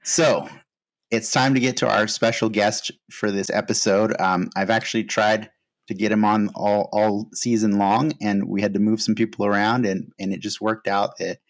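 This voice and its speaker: A man with a lowish voice hosts a fan podcast in a relaxed, casual way. He talks earnestly, sprinkling in plenty of "uh" fillers as he introduces the episode and guests. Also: normal speed. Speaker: podcast host.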